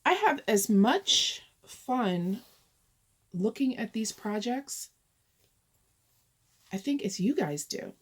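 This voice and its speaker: A woman's voice: a little high, very animated, slow, pauses often, husky. A woman chatting casually as she shows her cross-stitch projects, thinking aloud and rambling as she goes. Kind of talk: casual show-and-tell.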